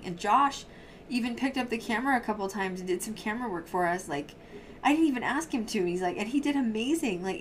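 A woman's voice: lowish voice, a little hiss or hum. A woman hosting a casual paranormal podcast, chatting in a bubbly, rambling way and telling stories. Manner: bubbly, rambling storyteller with frequent laughs. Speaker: podcast host. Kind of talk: casual chat.

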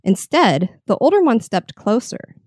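A woman reading a horror story with measured, expressive narration. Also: on the high side, no echo, clean studio sound. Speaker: story reader.

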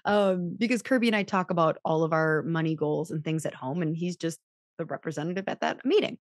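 A woman's voice: low voice, fairly quick, dry recording, studio quality. A woman chiropractor hosting a podcast, talking through business advice in a chatty, self-mocking way and acting out the voices she quotes. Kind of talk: casual advice talk.

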